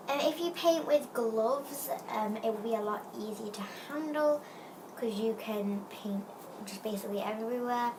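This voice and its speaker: A woman's voice: on the high side, noisy background. A woman casually explaining a craft project step by step, rambling and hesitant, with lots of fillers and restarts. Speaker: craft tutorial presenter. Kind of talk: casual how-to narration.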